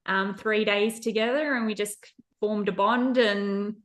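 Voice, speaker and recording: A woman's voice: mid-range voice, fairly even intonation, a little slow. A woman hosting a podcast, chatting in a bubbly, informal way. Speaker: podcast host. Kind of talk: casual interview chat.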